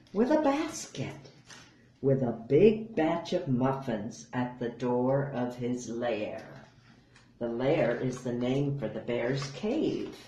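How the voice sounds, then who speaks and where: An older woman reading a picture book aloud to children, gentle and expressive. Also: low-pitched. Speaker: storytime reader. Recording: echoey room.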